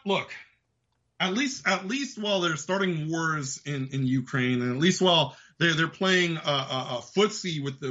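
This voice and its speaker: A man's voice: on the high side, a bit bright, muffled recording. A man hosting a show, delivering an angry, profane political rant. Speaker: host. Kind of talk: ranting political commentary.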